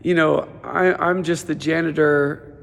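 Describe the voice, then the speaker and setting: A man with a notably high voice delivers casual stand-up stories and an audition pitch. He is animated and loose, full of "dude" and "like." A long reverb trails his words, as if he were recorded in a big hall. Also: unhurried, creaky. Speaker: teen center director doing stand-up.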